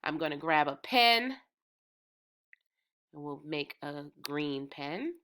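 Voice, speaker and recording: Slow, bright-voiced woman teaching toddlers. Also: low voice, lively intonation, smooth. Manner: encouraging, drawn-out, rhythmic chanting. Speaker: preschool teacher. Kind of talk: slow, sing-song lesson for small children.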